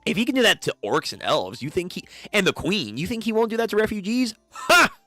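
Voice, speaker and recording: A man's voice: high-pitched, big pitch swings, fast talker, fairly bright tone, no room sound, faint music behind. Joking, foul-mouthed young man reacting. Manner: joking, profane, laughs often. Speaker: reaction streamer. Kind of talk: casual reaction commentary.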